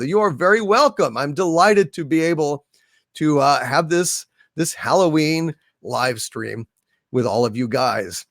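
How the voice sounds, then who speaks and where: A man's voice: fairly high pitch, lively intonation, a little slow, a bit bright, no room sound, clean studio sound. A man hosting a live stream who reads viewer chat messages aloud and greets viewers theatrically. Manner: theatrical, hailing viewers grandly.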